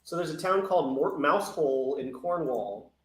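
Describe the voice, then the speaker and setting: A man's voice: fairly high pitch, expressive, moderate pace. A man bantering casually with the host in a dry, teasing way. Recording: echoey room with faint noise.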